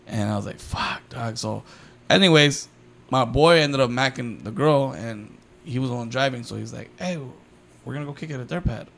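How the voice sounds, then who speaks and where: Gravelly slangy young podcast guy. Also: medium pitch, moderate pace, fairly bright tone. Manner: slangy, swears a lot, acts out the voices in his stories. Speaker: podcast host. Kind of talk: casual storytelling.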